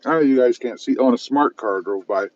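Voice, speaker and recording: A man's voice: mid-range voice, quick pace, a little mellow, no room sound, highs cut off. A man from South Texas chatting casually on a live stream from his parked car while eating and reading viewer comments aloud, self-mocking and easygoing. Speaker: car channel host reading live chat. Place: parked car at a fast-food restaurant.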